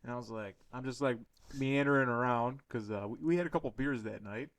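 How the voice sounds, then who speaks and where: A man's voice: medium pitch, fairly quick, a bit bright. A man rambling through a story in jokey, casual podcast chat. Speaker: podcast co-host.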